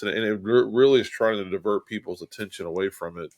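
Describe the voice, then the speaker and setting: A man's voice: lowish voice, fast talker, few pauses, dry recording, studio quality. A man co-hosting a podcast, talking earnestly and emphatically, repeating words for stress. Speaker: podcast co-host. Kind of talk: casual conversational chat.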